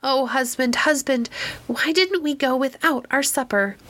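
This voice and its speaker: A woman's voice: on the high side, animated, moderate pace, fairly bright tone. A woman voicing a poor, kind-hearted old wife who speaks earnestly and apologetically in a storybook reading. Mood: flustered.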